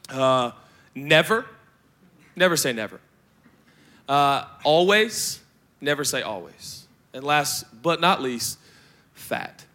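A young adult man preaches as pastor, joking and animated, tossing playful asides to the congregation. His voice is on the high side.

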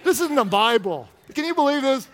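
A man's voice: very high-pitched, fairly bright tone. A man preaching a humorous sermon as pastor, playful and teasing with the congregation. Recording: long reverb of a large hall.

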